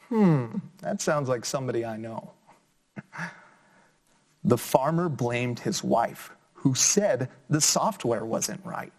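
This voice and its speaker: A man reading a children's picture book aloud for a class lesson. He talks slowly and leaps high in pitch on the playful sound words. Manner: expressive storybook reading with big pitch jumps on sound words.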